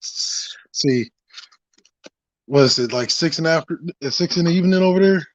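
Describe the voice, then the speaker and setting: A guest on a live stream, speaking wryly and unhurriedly in casual chat. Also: male voice, a little high, moderate pace, dry recording. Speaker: guest content creator. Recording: dull lo-fi stream audio.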